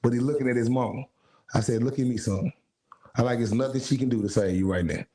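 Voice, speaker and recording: A man, a singer guest, telling stories in an animated, casual way, acting out the voices he quotes in streetwise slang. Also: mid-range voice, fast talker, rough recording. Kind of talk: casual storytelling.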